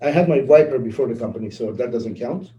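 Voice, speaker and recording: A man giving a casual motivational talk, animated and laughing as he acts out conversations. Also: medium pitch, fast talker, roomy sound, dull audio. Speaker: network marketing leader.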